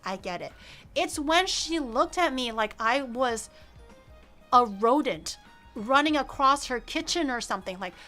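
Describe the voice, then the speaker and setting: A young woman streamer telling a story in an animated, casual way, full of "like" fillers and acting out the people in it. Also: high-pitched, unhurried, faint music behind. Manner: frequent "like" fillers.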